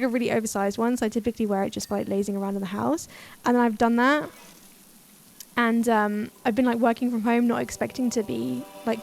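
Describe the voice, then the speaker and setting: A woman's voice: fairly high pitch, creaky, a little mellow. A woman streaming a game, chatting casually, giggling and reading chat aloud, her voice a little worn. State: voice a bit worn.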